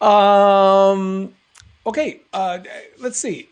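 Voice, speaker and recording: A man's voice: high voice, fairly even intonation, very slow, clear, resonant tone, muffled recording. A middle-aged man from New England hosting a live stream, reading chat questions aloud and rambling through jokey answers.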